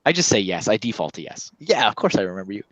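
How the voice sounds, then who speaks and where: Low-voiced man telling a story. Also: fast, no echo, low-quality recording. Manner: animated storytelling, acts out quotes with laughs. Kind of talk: casual chat.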